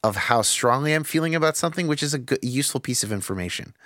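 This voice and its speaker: A man's voice: medium pitch, expressive, quick pace, fairly bright tone, no echo, studio quality. A man hosting a podcast, talking candidly and reflectively, thinking aloud with restarts and the odd swear word. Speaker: podcast host.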